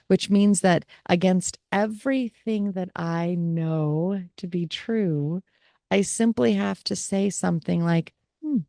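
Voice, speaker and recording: Woman host, reflective caregiver monologue, low gravelly voice, dry close sound. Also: warm tone, dry recording. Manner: candid, reflective storytelling. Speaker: podcast host and family caregiver.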